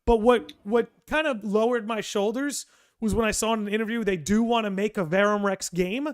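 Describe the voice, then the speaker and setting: A man's voice: high-pitched, brisk. A man hosting a casual podcast chat, talking eagerly and steering the talk with open questions to his guest. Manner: enthusiastic, leading questions. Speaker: podcast host.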